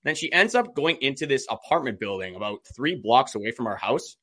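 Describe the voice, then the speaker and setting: A man's voice: medium pitch, sing-song, fairly quick, fairly bright tone. A man co-hosting a podcast, telling a story in a chatty way full of "like" and quoted dialogue. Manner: chatty, many "like" fillers, quotes himself. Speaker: podcast co-host. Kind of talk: casual storytelling chat.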